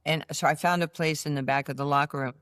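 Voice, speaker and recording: In clean studio audio with no room sound, a smooth, low-pitched woman talks fast. She's a sixty-something American former basketball player with a New York accent, guesting in a casual interview and animatedly voicing the characters in her stories.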